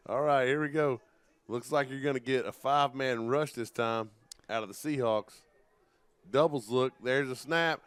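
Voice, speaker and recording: Male play-by-play announcer, folksy and joking, smooth resonant voice, dry close sound. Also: medium pitch, measured pace, pauses often, dry recording. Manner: energetic, folksy, jokey play-by-play. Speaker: play-by-play commentator. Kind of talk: live football play-by-play commentary.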